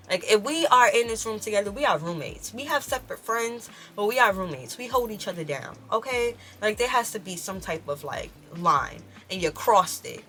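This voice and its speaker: A woman in her twenties telling a story on her vlog in an animated, slangy and profane way. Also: medium pitch, normal speed, few pauses. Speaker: vlogger.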